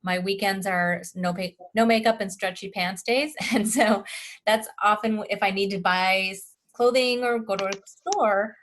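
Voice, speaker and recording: A woman sharing her experience in a workshop, candid and halting, with frequent restarts. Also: medium pitch, fairly bright tone. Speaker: workshop participant. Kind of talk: casual sharing.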